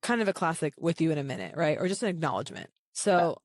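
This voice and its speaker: A low-pitched woman chatting on a podcast, acting out quoted lines in her story. The sound is dry and close. She keeps it casual and lively. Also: quick pace, no room sound. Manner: animated storyteller, acts out quoted people with jumps in pitch. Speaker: podcast co-host.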